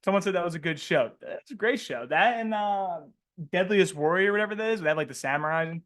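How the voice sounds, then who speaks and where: A man's voice: high voice, a little fast. A man coaching traders in a live webinar, asking the audience questions and tacking "right?" onto nearly every line, with a slangy, joking manner. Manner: animated, asks questions and tags "right?" constantly. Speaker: trading coach.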